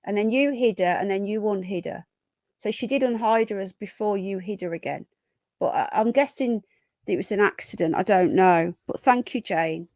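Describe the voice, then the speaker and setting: A woman's voice: mid-range voice, moderate pace, a little mellow, no room sound, studio quality. A middle-aged woman from England hosts a live stream, chatting with viewers by name, often restarting and repeating words. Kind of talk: live stream commentary, reading chat.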